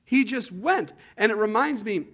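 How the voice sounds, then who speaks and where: A young adult man preaching a sermon in an earnest, conversational way, sometimes halting over his words. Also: sits high, expressive, a bit bright. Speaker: pastor.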